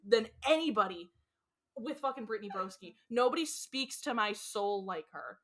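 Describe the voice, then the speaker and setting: A young woman co-hosting a casual podcast, her voice bright and forceful. She talks loudly and gushes, swearing freely and breaking into cackles. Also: fairly high pitch, expressive, normal speed. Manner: loud, swears often, cackles, gushing. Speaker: podcast co-host. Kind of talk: casual chat.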